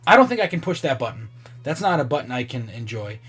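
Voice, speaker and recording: A man's voice: medium pitch, big pitch swings, fast, a bit bright, slightly rough. A man in his twenties chatting casually on camera, thinking aloud and swearing freely as he reacts. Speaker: vlogger.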